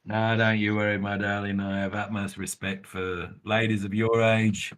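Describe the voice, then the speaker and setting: A man voicing a flirtatious bard in a tabletop game, laying on theatrical flattery. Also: lowish voice, moderate pace, natural voice. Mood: flattering. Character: flirtatious smooth-talking bard, male.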